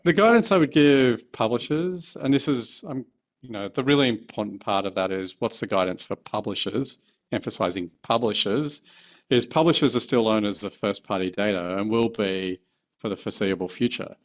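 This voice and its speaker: Low-voiced man, thoughtful interview answers. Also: dull audio. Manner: measured and thoughtful, with fillers. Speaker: advertising agency executive.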